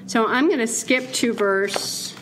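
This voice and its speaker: A woman giving a keynote talk as a conversational sermon, playful and animated and laughing at her own asides. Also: on the high side, slow pace, background noise. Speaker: keynote speaker.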